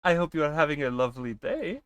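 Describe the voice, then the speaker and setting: A man's voice: a little high, very animated, quick pace, a bit bright, clean tone, no echo. Laughing streamer man in a character voice. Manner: talks in a put-on character voice he uses for his persona; laughs often, swears freely. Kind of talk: casual live-stream chat.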